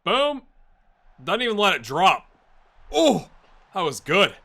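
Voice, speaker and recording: A man giving a let's-play commentary on a football management game, getting excited and chatting to his virtual players. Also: high voice, takes it slowly, creaky.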